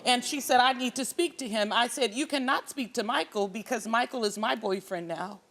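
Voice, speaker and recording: Animated middle-aged woman telling her story. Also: on the high side, moderate pace. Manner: animated storyteller who acts out her quarrels. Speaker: guest. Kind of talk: emotional storytelling on a talk show.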